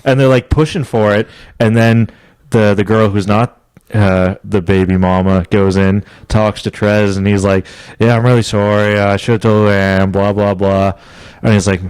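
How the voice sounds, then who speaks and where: The young podcast co-host rambles through a lengthy story in casual conversation, laughing and switching to squeaky, high-pitched voices to quote people. His tone is steady, darkish, and clean, his pace moderate, and the recording dry.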